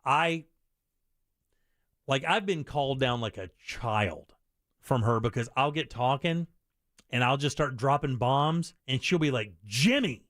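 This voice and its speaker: A man hosting a call-in radio show, chatting casually, animated and self-deprecating, often restarting his sentences. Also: mid-range voice, a little slow, pauses often, no room sound, studio quality.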